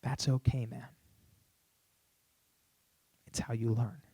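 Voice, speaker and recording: A man quoting a calm, wise old music legend. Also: mid-range voice, slow, breathy edge, voice pushed down. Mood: gentle.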